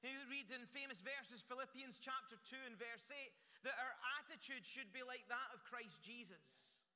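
A man's voice: very high-pitched, normal speed, bright, forceful tone. A man pastor delivering an earnest sermon in a church, building emphasis through repeated phrases. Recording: echoey church hall.

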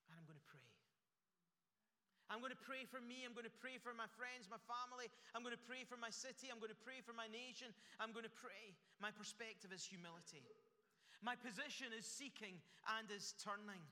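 A man's voice: extremely high pitch, fairly quick, pushed and bright. A man pastor delivering an earnest sermon in a church, building emphasis through repeated phrases. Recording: echoey church hall.

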